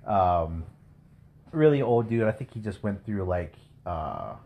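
A man's voice: low voice, very animated, a little slow, gravelly, darkish tone. A man co-hosting a podcast, telling stories in a crude, profane casual chat. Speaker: podcast co-host.

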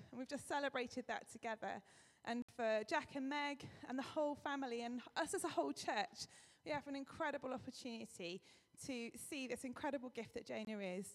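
A woman pastor giving a chatty, personal welcome and address to her church congregation, with a few fillers. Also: fairly high pitch. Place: church hall. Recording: long reverb of a church hall.

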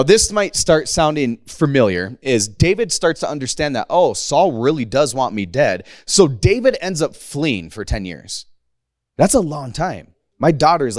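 A man's voice: medium pitch, dry recording, clean studio sound. A man in his thirties preaching a casual, conversational sermon to a congregation, slangy and playful, acting out the quotes. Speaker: pastor.

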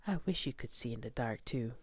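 Woman voicing a young female bat for a storybook reading: eager, breathy, husky, slow. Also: sing-song, darkish tone, no room sound, full character voice. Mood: earnest. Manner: high, breathy, often whispered.

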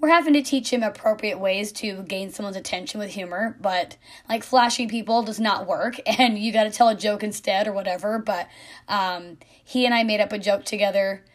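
Woman, 30s, earnest, heartfelt, soft-spoken, medium pitch. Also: moderate pace. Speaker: mother of an autistic son. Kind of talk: personal reflective monologue.

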